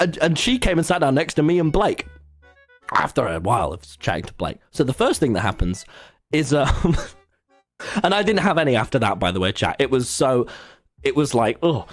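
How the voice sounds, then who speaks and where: Lively rambling young Englishman. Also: a little high. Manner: rambling, laughing, restarts a lot. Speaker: streamer. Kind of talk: casual storytelling to a live chat.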